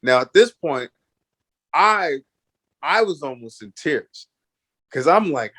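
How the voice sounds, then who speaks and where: A man's voice: on the high side, sing-song, slow, pauses often, a bit bright. A man from Canada, a guest in an interview, telling a story animatedly with laughs and restarts.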